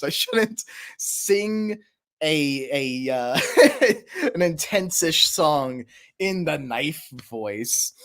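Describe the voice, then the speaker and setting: A man's voice: on the high side, lively intonation, slow pace, fairly bright tone. A young man chatting casually on a livestream, rambling and laughing at himself, his throat a little sore. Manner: rambling, laughing, self-deprecating. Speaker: streamer.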